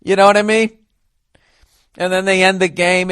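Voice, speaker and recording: Male podcast host, slightly high voice, dry close sound; excitable, profane, self-mocking rambling rant. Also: measured pace, no echo. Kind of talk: rambling comedic monologue.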